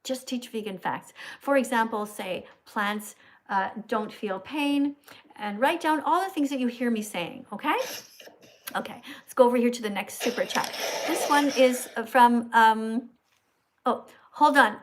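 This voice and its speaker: A woman's voice: fairly high pitch, a little hiss or hum. Blunt, bossy woman live-streaming. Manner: quick asides to viewers. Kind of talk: casual live-stream chat.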